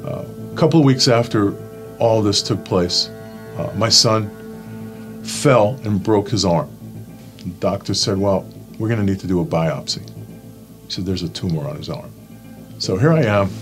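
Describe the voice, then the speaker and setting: A man's voice: lowish voice, measured pace, long pauses, over music. A man from Brooklyn, giving a personal testimony and acting out the voices in it. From Brooklyn, New York. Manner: storytelling, acts out quoted voices.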